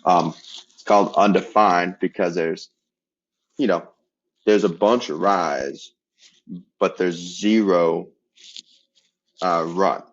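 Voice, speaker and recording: A man giving a casual math lesson, explaining steps with relaxed joking asides. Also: sits low, muffled recording. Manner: relaxed, joking asides while working problems. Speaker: math teacher.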